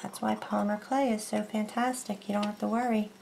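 A woman's voice: mid-range voice, flat delivery, a little fast, creaky, background noise. Woman, casual craft vlogger, rambling and chatty, often breaks off mid-sentence. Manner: rambling, chatty, self-interrupting. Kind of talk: casual crafting tutorial chat.

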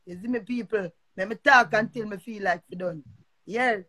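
A woman's voice: medium pitch, moderate pace, bright, forceful tone, faint music behind. An older woman with a Jamaican accent ranting on a live stream, cursing and repeating herself in a confrontational way. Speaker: social media personality. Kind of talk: heated live-stream rant.

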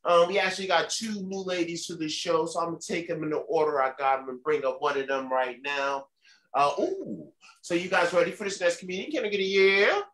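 A man's voice: on the high side, brisk, echoey room. A man emceeing a bar comedy show, hyping the crowd and introducing comics. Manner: hype, playful crowd-warming.

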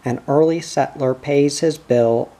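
A man's voice: on the high side, measured pace, mellow. Sly grizzled old bushman, read by a man. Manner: sly, mild, understated.

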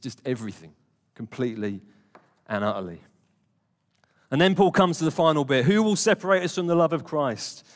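A man preaching a conversational, emphatic sermon to a live congregation, with jokey asides. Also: medium pitch. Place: warm church hall, live congregation. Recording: long hall reverb.

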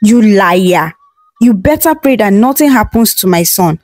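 A woman's voice: expressive, measured pace, darkish tone, dry recording. A woman voicing a grieving, furious middle-aged queen mother who wails and accuses. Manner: accusing, shrill, wailing.

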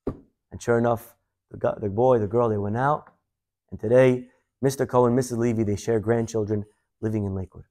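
Brief: a male rabbi at a mid pitch, telling a sermon story animatedly. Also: fairly even intonation, brisk, dark tone.

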